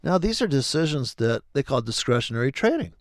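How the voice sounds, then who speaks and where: A middle-aged man rambles through a loose, profane trading monologue. His voice is gravelly and his pitch leaps around as he jokes. The sound is dry and close, with no room echo. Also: sing-song, brisk. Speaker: forex trading video host.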